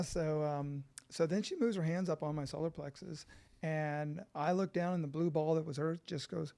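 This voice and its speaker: A middle-aged man from California, a podcast guest, telling his story in an animated, profane way and acting out quotes. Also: on the high side, normal speed, gravelly.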